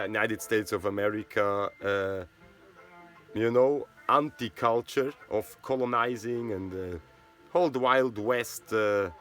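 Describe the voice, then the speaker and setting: A man's voice: on the low side, a bit bright. A man from Switzerland, a native Swiss German speaker, talking in English with a Swiss German accent. His monologue rambles, and he keeps tagging his sentences with "you know" and "right?".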